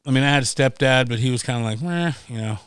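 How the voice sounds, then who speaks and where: A middle-aged man telling stories as a podcast guest, animated and profane, acting out voices as he goes. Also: mid-range voice, rapid-fire, clear, resonant tone, no room sound, studio quality. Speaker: guest, pro snowboarder. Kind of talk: casual storytelling.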